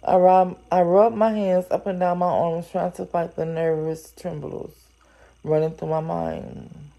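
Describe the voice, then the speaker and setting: A woman reading a novel aloud who breaks off now and then to react in animated, exclaiming asides. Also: fairly low pitch, unhurried, lo-fi sound. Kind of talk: story reading with chatty reactions.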